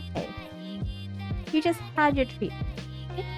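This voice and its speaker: A woman livestreamer chatting in an easy, drawn-out way, laughing a lot. Her voice sits on the high side and swoops up when she coos at her cats. Faint game music plays under her talk. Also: animated. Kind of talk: casual live-stream chat.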